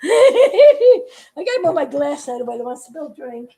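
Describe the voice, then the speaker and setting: A giggly woman with a very high voice chats at home in a casual vlog. She laughs almost nonstop, and her excited voice swings up and down as she talks. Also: normal speed. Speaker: animator showing her work to fans.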